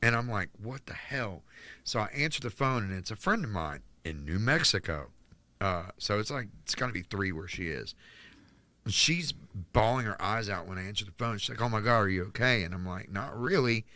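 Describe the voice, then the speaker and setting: Deep-voiced man telling a raw story. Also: expressive, pushed and bright, no echo. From North Carolina, United States. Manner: halting, frequent restarts and "like" fillers. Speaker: podcast guest. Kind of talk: candid personal storytelling.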